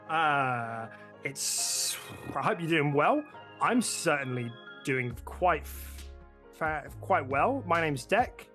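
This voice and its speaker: A man's voice: a little high, a bit bright. A young man co-hosting a casual gaming podcast, chatty, with lots of fillers and restarts. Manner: chatty, laughs often, frequent fillers and restarts. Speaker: podcast co-host.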